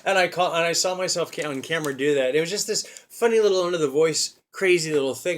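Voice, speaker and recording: A man hosts a loose comedy monologue, his voice sitting a little high. He rambles, restarts his sentences, and keeps breaking into laughter. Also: expressive, a little fast, hardly any pauses, a little hiss or hum. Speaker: comedy podcast host.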